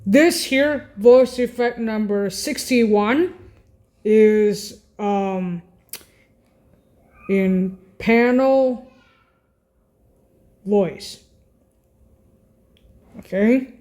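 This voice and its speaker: A woman explaining keyboard voice settings in a casual way, halting and often correcting herself and apologizing. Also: mid-range voice, warm tone. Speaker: keyboard instructor.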